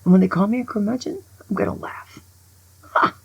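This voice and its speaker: A woman over sixty-five giving a casual, opinionated monologue as a vlogger. She is an animated, grumbling storyteller who often drops to a whisper. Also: medium pitch, fast, creaky, breathy edge, no room sound, lo-fi sound.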